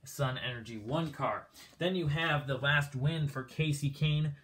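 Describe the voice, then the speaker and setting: A man's voice: a little high, a little slow, fairly bright tone. A man casually walking through his diecast car collection, rambling with lots of fillers and a bit out of breath.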